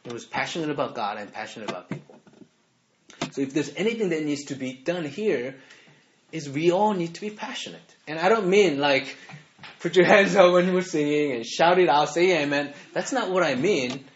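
Man, youth sermon, animated, laughs often, somewhat high voice, dull lo-fi recording. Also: moderate pace. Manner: animated, laughs often, keeps asking "right?".

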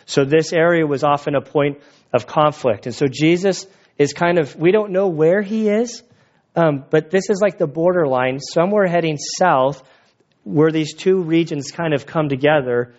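A man preaching a sermon in a conversational, animated way, retelling the story and acting out the voices of its people. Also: fairly high pitch, highs cut off. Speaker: pastor.

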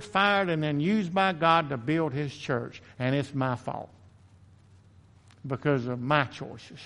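A man's voice: on the high side, big-room sound. A man preaching a sermon as pastor, earnest and self-confessing, often repeating words as he builds emphasis. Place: church sanctuary.

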